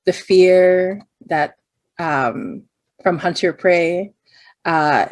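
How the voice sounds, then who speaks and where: Woman game master, lower register, dry close mic, chatty scene-setting narration. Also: extremely slow, dry recording. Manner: descriptive, thinking aloud with many fillers. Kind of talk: narrating a tabletop role-playing game.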